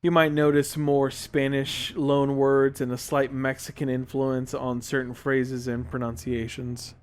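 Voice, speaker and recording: A young man co-hosting a podcast, talking in a relaxed, rambling way with lots of fillers. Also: mid-range voice, unhurried, clean tone. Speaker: podcast co-host. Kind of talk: casual chat.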